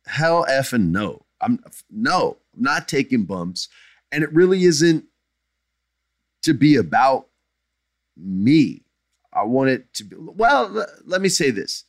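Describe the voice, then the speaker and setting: A man's voice: mid-range voice, very animated, slow pace, no echo, clean studio sound. A middle-aged man hosting a podcast, answering listener questions in blunt, emphatic casual chat that drifts into jokes.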